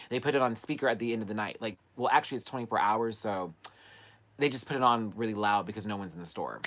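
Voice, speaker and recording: Sassy, animated man chatting on a livestream. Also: medium pitch. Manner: animated, sassy storytelling with playful slang. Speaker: livestream host. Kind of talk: casual livestream chat and storytelling. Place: at home, live stream.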